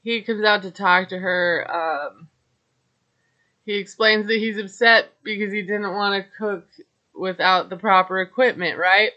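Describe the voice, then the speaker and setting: A woman's voice: medium pitch, fairly even intonation, measured pace, sharp tone, lo-fi sound. A woman casually recapping a reality show, chatty and gossipy, with lots of filler words and judgmental asides.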